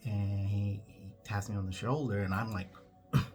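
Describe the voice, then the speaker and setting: Low-voiced man telling a comic story. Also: moderate pace, soft background music. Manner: animated, acts out every character. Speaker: comedian.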